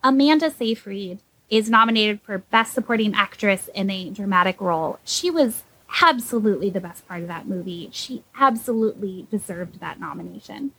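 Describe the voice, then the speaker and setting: A young adult woman on a podcast, giving animated, sarcastic commentary with sudden leaps in pitch when she mocks something. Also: normal speed, few pauses, breathy edge, low-quality recording. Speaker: podcast co-host.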